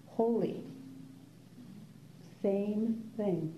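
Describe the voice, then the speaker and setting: An older woman, a meditation teacher, giving an unhurried, musing dharma talk to a class, with soft laughs and pauses. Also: mid-range voice, slight background noise. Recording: roomy, dull lo-fi room recording.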